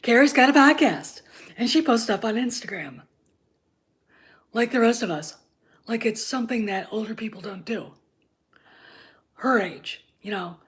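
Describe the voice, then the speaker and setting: A woman in her fifties hosting her own channel, ranting about a TV show, sarcastic and profane, often dropping into a hushed whisper and pressing her points with "okay?". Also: a little high, lively intonation, unhurried, pauses often. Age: 50s. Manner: emphatic, repeats "okay?" for emphasis. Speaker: channel host and TV critic. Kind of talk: ranting commentary.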